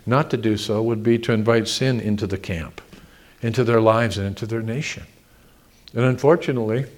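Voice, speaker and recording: A man's voice: medium pitch, a little mellow. A man pastor preaching a sermon, reading scripture and pressing his points with emphatic, swelling delivery. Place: church sanctuary.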